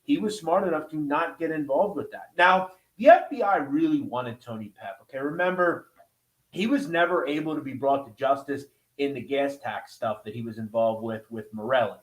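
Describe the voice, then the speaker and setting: A man's voice: medium pitch, normal speed. A man hosting a podcast, telling history in a casual, conversational way, swearing now and then and checking in with listeners as he goes. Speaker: podcast host. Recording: roomy echo.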